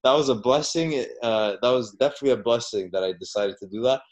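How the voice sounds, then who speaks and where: A man's voice: medium pitch, quick pace, lo-fi sound, a crowd in the background. A man co-hosting a football podcast, talking casually with lots of fillers, repeats and the odd swear. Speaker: podcast co-host. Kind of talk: casual chat.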